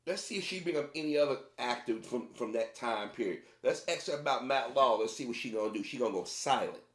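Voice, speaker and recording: A man's voice: mid-range voice, expressive, quick pace. Emphatic man ranting in a roomy space. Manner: emphatic, repetitive, conversational, with many restarts. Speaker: commentary vlogger. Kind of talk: casual commentary rant. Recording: roomy echo.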